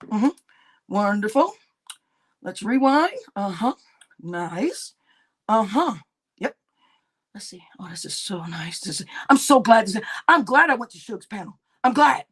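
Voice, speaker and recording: A woman hosting a livestream, ranting angrily, swearing heavily and breaking into shouts. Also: fairly high pitch, expressive, measured pace, pauses often. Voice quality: heavy cursing, shouting bursts. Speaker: livestream host. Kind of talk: angry livestream rant.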